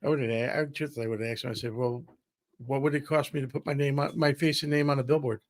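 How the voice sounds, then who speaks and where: A man's voice: medium pitch, steady tone, fast talker. A man who is a guest in a casual chat, speaking frankly.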